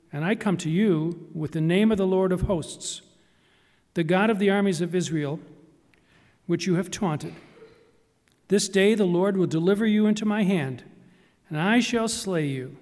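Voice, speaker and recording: A man reading scripture aloud in church, in a measured, solemn way. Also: high voice, a little mellow, in a large hall. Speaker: scripture reader. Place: church sanctuary.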